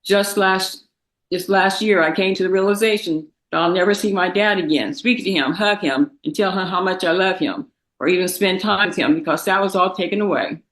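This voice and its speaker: A young woman reading a prepared statement in a courtroom, emotional and halting, fighting back tears, with restarts and repeated words. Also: lowish voice, fairly bright tone, rough recording. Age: young adult. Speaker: victim's daughter giving impact statement.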